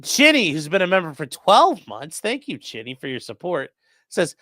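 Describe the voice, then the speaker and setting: Lively bright-voiced man streaming. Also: a little high, moderate pace, no echo, clean studio sound. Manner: loose, profane, conversational. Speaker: defense attorney streamer. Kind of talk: casual livestream commentary reading chat.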